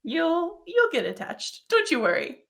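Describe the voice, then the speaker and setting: A woman's voice: very high-pitched, wildly swooping pitch, unhurried, vocal fry, fairly bright tone. A woman playing a tabletop role-playing game, describing her character with frequent laughter. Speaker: player.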